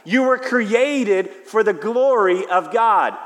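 A middle-aged man from Houston preaching a sermon as pastor, telling stories in a lively, conversational way with frequent restarts. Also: sits high, takes it slowly. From Houston, Texas. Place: church sanctuary. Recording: long hall reverb.

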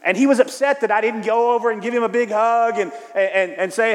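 A middle-aged man from Houston preaching a sermon as pastor, telling stories in a lively, conversational way with frequent restarts. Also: high-pitched, fairly quick, few pauses. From Houston, Texas. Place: church sanctuary. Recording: long hall reverb.

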